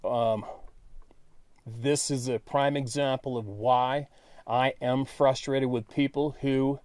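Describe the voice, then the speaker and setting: A man at an ordinary middle pitch hosts his own channel in a casual monologue. He talks bluntly and sounds frustrated, dropping the odd swear word as he addresses his viewers directly. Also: darkish tone. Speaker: channel host.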